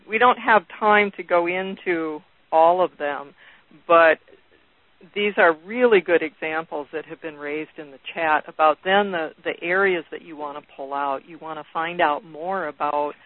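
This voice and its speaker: A woman presenting a training webinar in a conversational, halting way. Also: low voice. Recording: dry, phone-like call audio.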